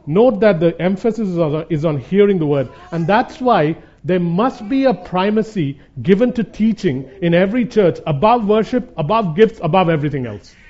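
A man's voice: high-pitched, darkish tone. A man preaching as a Bible teacher in a conversational sermon. He speaks earnestly, repeats points for emphasis and calls his listeners "guys". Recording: dull lo-fi recording.

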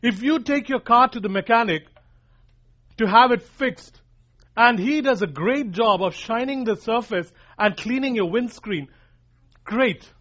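A man with a notably high voice delivers an emphatic sermon, restating his key points and speaking straight to the congregation as "guys." The recording is dull and lo-fi, with the top end muffled. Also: a little slow, a bit bright. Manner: emphatic, repeats lines for emphasis, addresses listeners as guys. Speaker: preacher.

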